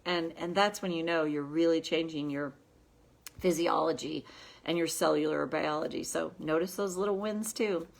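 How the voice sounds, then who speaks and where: Woman, self-help coach, low pitch, gentle, frank. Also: steady tone, normal speed, vocal fry. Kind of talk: self-help talk to viewers.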